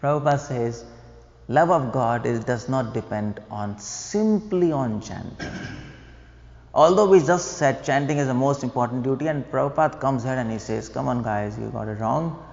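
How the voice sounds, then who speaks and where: At normal speed and medium pitch, a preacher's slightly mellow voice fills a temple hall during a devotional lecture. He explains his points, asks listeners rhetorical questions, and chuckles at his own jokes. The sound is echoey, dull, and lo-fi.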